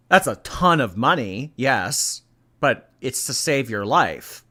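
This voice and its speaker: A man's voice: medium pitch, sing-song, slow pace, sharp tone. A man hosting a casual reaction stream, reading chat and giving blunt, chatty opinions with casual swearing.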